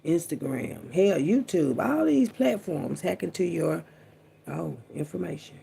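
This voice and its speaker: A woman's voice: on the low side, animated, a little slow, creaky, warm tone, breathy edge. A woman vlogger talking straight to her audience in a casual, profane, rambling monologue, stretching words out for emphasis and throwing in frequent asides.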